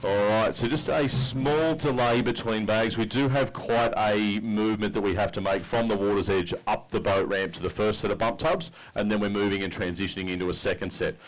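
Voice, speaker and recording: An Australian man with a somewhat low voice works a fishing tournament weigh-in outdoors. He keeps the banter matey and upbeat as he calls out anglers' names and bag weights into a handheld mic. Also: fairly even intonation, a little fast, hardly any pauses, a little hiss or hum, rough recording. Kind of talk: live weigh-in commentary. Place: outdoors at a boat ramp.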